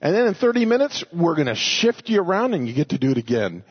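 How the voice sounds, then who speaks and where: A man quoting a brisk, bossy female trip organizer who gives quick, cheerful instructions. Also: fairly high pitch, big pitch swings, slightly rough, muffled recording.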